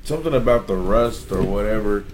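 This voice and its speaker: A man's voice: on the low side, lively intonation, fairly quick, over a noisy crowd. A man co-hosting a casual podcast chat, offhand and swearing. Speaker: podcast co-host.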